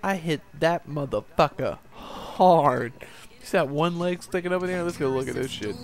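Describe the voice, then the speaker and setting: A man's voice: on the high side, moderate pace. A young man giving casual, profane let's-play commentary over a game, rambling and laughing at himself. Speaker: gameplay commentator.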